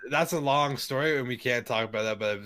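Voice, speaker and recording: A man's voice: medium pitch, a little fast, bright, forceful tone, no room sound. A young man telling a story in casual podcast chat, rambling, laughing often and swearing a lot. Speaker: podcast guest.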